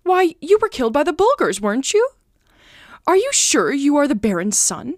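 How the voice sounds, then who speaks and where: A woman's voice: high voice, sing-song, normal speed, dry recording, studio quality, voice pushed up. A woman voicing a wide-eyed naive young man. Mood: amazed. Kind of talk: storybook reading.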